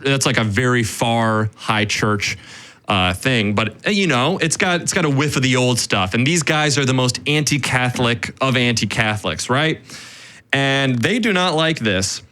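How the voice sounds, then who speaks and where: A man co-hosting a casual history podcast, telling the story in an animated way with quick quoted asides and frequent "right?". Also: medium pitch. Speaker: podcast co-host.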